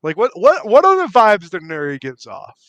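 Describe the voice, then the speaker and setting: A man's voice: high voice, huge pitch swings, moderate pace, a bit bright, dry recording, lo-fi sound. A man narrating a tabletop game as dungeon master, playful and chatty. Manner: playful, chatty, full of fillers like 'like'.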